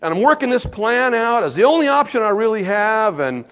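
A man's voice: sits high, voice pushed up. A man putting on a nervous, sweet-talking husband. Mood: wheedling. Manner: wheedling, halting, flattering. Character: smooth-talking nervous husband coaxing his wife.

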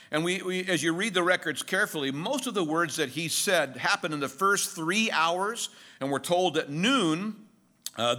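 A middle-aged man preaches a sermon, walking through the text in an easy, conversational way and slipping in jokes and short stories. His voice sits a little high and sounds bright and forceful. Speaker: pastor. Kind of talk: expository sermon.

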